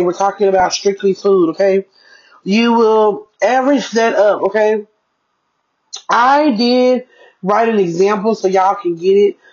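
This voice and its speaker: Chatty mom vlogger, dull lo-fi sound. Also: female voice, mid-range voice, darkish tone. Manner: chatty, talks straight to viewers, keeps checking in. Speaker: parenting vlogger. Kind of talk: casual budgeting vlog.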